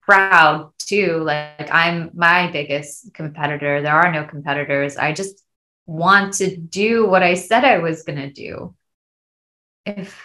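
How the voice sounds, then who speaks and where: A woman's voice: sits low, fairly even intonation, slow pace, bright, forceful tone. Emotional woman actress in an interview. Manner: candid, emotional storytelling. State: tearful. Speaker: actress, guest. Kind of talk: podcast interview.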